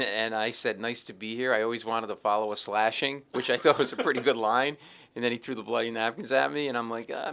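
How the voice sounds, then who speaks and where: A middle-aged man, a comedian telling animated stories in an interview and acting out the people in them. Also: medium pitch, smooth. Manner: acts out the other people in his stories, quick and lively. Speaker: stand-up comedian, interview guest.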